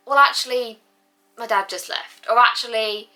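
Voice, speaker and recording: A young woman chatting to camera in a bright, forceful voice, peppering her talk with "like" and acting out her reactions. Faint music plays behind her. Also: a little high, moderate pace. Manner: chatty, lots of "like", acts out her own reactions. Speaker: vlogger. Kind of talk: casual personal talk to camera.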